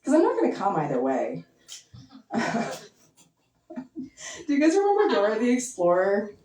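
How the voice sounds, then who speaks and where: A young woman doing a stand-up set in a basement club, talking casually and deadpan, full of likes and ums. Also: fairly high pitch, normal speed. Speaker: stand-up comedian. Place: basement comedy venue with audience. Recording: echoey basement, mic heard from a distance.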